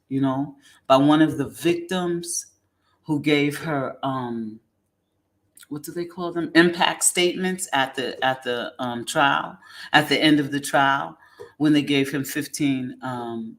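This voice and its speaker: A woman hosting a casual commentary show, rambling and halting with many ums. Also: low-pitched. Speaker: host.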